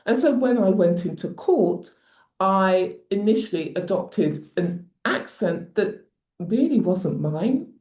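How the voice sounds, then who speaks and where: A woman with a non-posh British accent, an advocacy trainer giving measured, emphatic advice to camera. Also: mid-range voice, expressive, darkish tone, roomy sound. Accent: non-posh British English. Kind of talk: teaching talk to camera.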